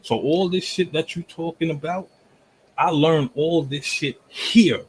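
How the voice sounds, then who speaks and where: A man from Jamaica arguing forcefully in a heated online debate, pushing through interruptions. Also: fairly high pitch, a little slow, slight background noise, rough recording. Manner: forceful, repeatedly talks over interruptions.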